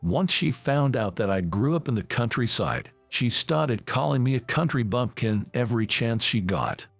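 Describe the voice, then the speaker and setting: A man tells a first-person story in a scripted, measured way. His voice has a gravelly texture and a mid-range pitch that moves expressively up and down. Soft music plays faintly underneath. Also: expressive, no echo. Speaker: narrator.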